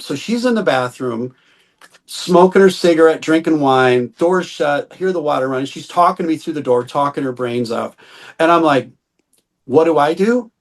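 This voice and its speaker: A middle-aged man spins a long story as an interview guest, his voice sitting a little high for a man. He jumps into the voices of the people he quotes and laughs often along the way. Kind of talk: storytelling anecdote in casual interview.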